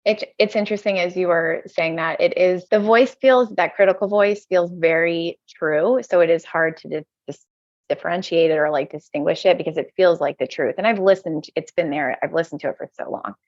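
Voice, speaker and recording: A woman from the United States, a podcast guest, talking reflectively and haltingly, often restarting her thoughts. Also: fairly low pitch, no room sound. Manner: hesitant, self-searching, frequent restarts. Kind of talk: reflective conversational interview. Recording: slightly dull lo-fi audio.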